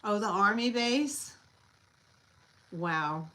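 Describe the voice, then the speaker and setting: A woman's voice: mid-range voice, animated, drawn-out words, fairly bright tone. A middle-aged woman with a Long Island New York accent, chatting as she hosts a live sale stream, rambling and answering viewers. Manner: chatty, reads out viewer comments, rambling asides. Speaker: host selling collectibles on a live stream. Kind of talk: live sales stream chat.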